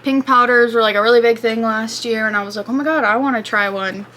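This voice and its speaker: A woman's voice: a little high, fairly even intonation, fast talker, bright, forceful tone, a little hiss or hum. A woman in her twenties chatting casually as she does her makeup at home, rambling and restarting her sentences. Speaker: beauty vlogger. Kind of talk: casual get-ready-with-me chat. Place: apartment room, indoors.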